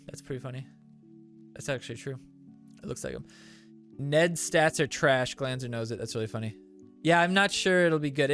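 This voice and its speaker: A man's voice: a little high, fairly bright tone. Joking, profane male streamer. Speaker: streamer host. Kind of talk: casual stream chat reading comments.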